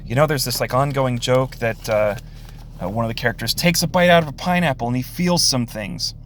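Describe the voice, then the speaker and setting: Man, mid-pitched voice, casual comic book review, sarcastic, sighs and laughs, lots of ums. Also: brisk, a little hiss or hum. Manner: sighing, laughing, sarcastic, with many fillers.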